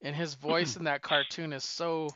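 A man's voice: a little high, flat delivery, normal speed, muffled recording, noisy background. A man in casual podcast chat who talks eagerly and often repeats his first words. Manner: eager, talkative, repeats words when starting.

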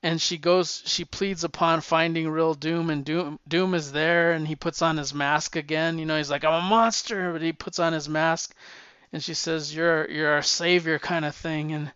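Rambling, enthusiastic comic-book talker. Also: male voice, on the high side, level tone, normal speed, fairly bright tone, clean tone, no echo, dull audio. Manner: rambling, enthusiastic retelling with quoted lines. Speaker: comic book podcast host. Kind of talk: casual rambling monologue.

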